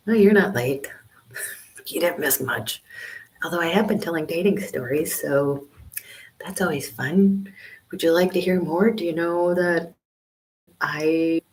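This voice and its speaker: A woman over fifty talks in a hushed whisper on a casual livestream, rambling and chatty. Her low voice stays soft because she is speaking from a small library study room with people on either side. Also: poor audio. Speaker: vlogger doing a livestream.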